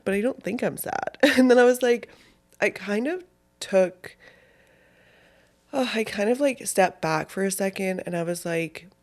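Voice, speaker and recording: A young woman hosting her own podcast, chatting casually in a rambling way with lots of fillers and swearing, sounding a bit low. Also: darkish tone. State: low-spirited. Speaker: podcast host. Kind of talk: casual solo podcast chat.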